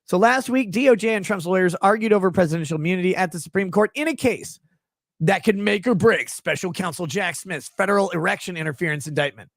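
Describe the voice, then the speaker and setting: This legal commentary show host has a high-pitched voice and reads the news fast, cutting in with mocking, profane asides. He's close to the mic in a dry, dead room with no room sound.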